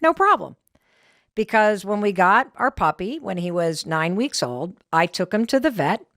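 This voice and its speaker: A middle-aged woman podcast host telling a story in a casual, animated, self-deprecating way. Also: mid-range voice, moderate pace, dry recording, clean studio sound. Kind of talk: casual talk to listeners.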